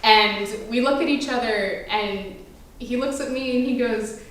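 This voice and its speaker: A woman's voice: on the high side, a little slow, a bit bright. Self-mocking woman telling a story on stage. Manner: wry, self-mocking, profane. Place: small theater with audience. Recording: echoey room recording from far off, with noise. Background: audience laughter.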